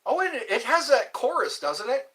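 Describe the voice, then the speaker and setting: A man hosting a casual live stream, musing aloud and half-singing song lines softly. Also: very high-pitched, sing-song, normal speed.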